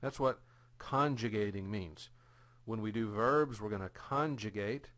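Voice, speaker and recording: A man teaching a recorded grammar lesson, patient and deliberate, repeating each example phrase. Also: fairly low pitch, fairly bright tone. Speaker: Greek teacher.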